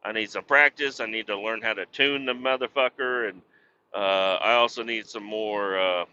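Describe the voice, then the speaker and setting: A man's voice: lowish voice, fairly even intonation, moderate pace, bright, forceful tone, lo-fi sound, a little hiss or hum. A middle-aged man hosting a podcast, rambling casually, swearing a lot and laughing at himself. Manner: profane, self-deprecating, laughs often. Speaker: podcast host.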